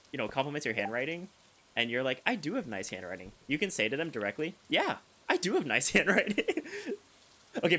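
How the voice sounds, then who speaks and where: Game music plays behind a young man who chats casually during a video game stream. He has a mid-range voice, rambles, laughs often and restarts his sentences, and there's background noise.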